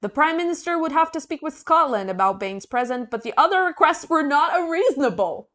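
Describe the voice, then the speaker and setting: A woman with a somewhat high voice reads a novel aloud in a flat, dry tone. She keeps stopping to mock it with loud, profane sarcasm. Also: a little fast. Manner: sarcastic, swears freely, swings from flat reading to loud outbursts. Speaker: book reviewer. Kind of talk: reading aloud and ranting.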